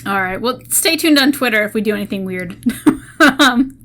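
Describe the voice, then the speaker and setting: A woman's voice: fairly high pitch, lively intonation, moderate pace, bright, forceful tone, slight background noise. A woman co-hosting a gaming podcast, chatting casually and laughing often. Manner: giggly, chatty. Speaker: podcast co-host. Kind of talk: casual chat.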